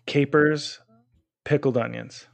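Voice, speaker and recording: A man's voice: medium pitch, steady tone, slow, gravelly. A man co-hosting a podcast, chatting casually and rambling with restarts. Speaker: podcast co-host. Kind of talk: casual chat.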